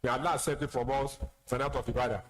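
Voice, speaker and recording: A man's voice: mid-range voice, steady tone, fast talker, slight background noise, poor audio. A man with a Nigerian accent, an imam giving a sermon, plain-spoken with teasing asides and repeated words. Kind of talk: sermon lecture.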